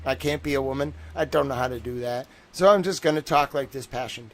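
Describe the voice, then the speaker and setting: A man with a Boston accent hosting a livestream, giving casual, animated, slangy commentary on a court trial and repeating his jokes. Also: medium pitch, a little fast. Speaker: livestream host.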